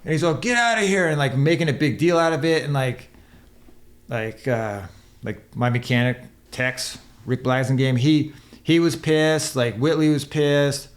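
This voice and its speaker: A man's voice: mid-range voice, fairly even intonation, unhurried. A man who is a podcast guest and former motocross racer, telling a long, rambling, profane story in casual chat and acting out the quotes.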